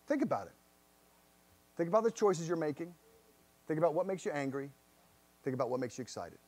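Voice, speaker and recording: Earnest high-voiced male pastor preaching. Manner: earnest, repeats words, pleading questions to the congregation. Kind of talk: sermon. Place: church.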